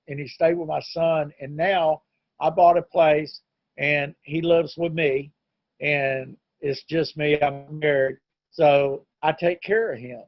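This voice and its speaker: A man's voice: a little high, no room sound, lo-fi sound. A middle-aged man telling his own recovery story in an earnest, plain-spoken way. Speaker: recovery meeting speaker. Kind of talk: personal testimony talk. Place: home, online meeting.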